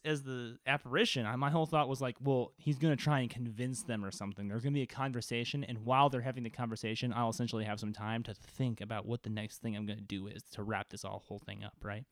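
A man's voice: medium pitch, fast talker, few pauses, no room sound, studio quality. A man who is a game master, recounting a tabletop session in casual podcast chat, rambling with lots of "like" fillers and swearing. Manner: rambling, profane, full of "like" fillers.

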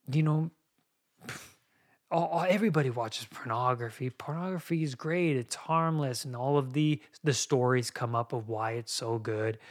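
A man's voice: medium pitch, a bit bright. A man in his thirties hosting a podcast, speaking in an earnest, confessional way about his own recovery. He often repeats and restarts phrases as he talks. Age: 30s. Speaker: podcast host. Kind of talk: personal recovery monologue.

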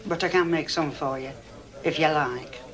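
An actress playing a kindly village barmaid in a film, soft and obliging in manner. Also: female voice, sits low, normal speed. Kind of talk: film dialogue.

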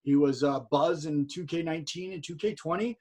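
A man with a husky, grainy voice that sits a bit high for a man tells a rambling story over a video call. He talks with energy and swears freely, and he stumbles over repeated words. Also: a little fast, darkish tone. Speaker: guest, streamer and wrestler. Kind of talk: casual storytelling chat.

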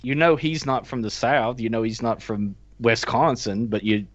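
A man's voice: medium pitch, steady tone, moderate pace, no room sound, highs cut off. A man in casual chat, teasing and telling crude jokes.

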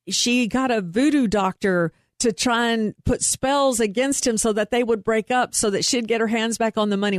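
An earnest, emphatic woman speaking as an investigator being interviewed. Her voice sits at an ordinary middle pitch. The sound is dry and close, with no room around it. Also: no room sound. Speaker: private investigator and guest. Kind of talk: interview conversation.

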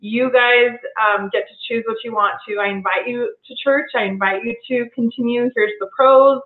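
Woman, earnest and reflective, fairly high voice, echoey room heard over a tinny phone line. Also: fairly even intonation, moderate pace. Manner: earnest, reflective, with many restarts. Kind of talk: casual conversation.

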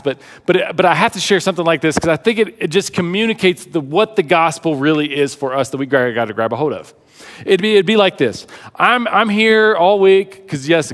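A male pastor preaching a sermon, telling an animated story and repeating words as he presses his point. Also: fairly high pitch, long reverb tail. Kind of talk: sermon with ministry appeal. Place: church service.

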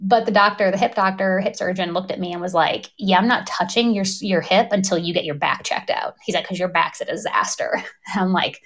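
Woman, 30s, casual chat storyteller, expressive, does voices of others, quick laughs. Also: medium pitch. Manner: animated storyteller, acts out voices, laughs often. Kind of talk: casual conversation.

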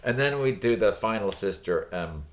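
A man's voice: lowish voice, expressive, moderate pace. A man co-hosting a podcast, telling childhood stories in casual chat, laughing often and acting out voices. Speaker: podcast co-host.

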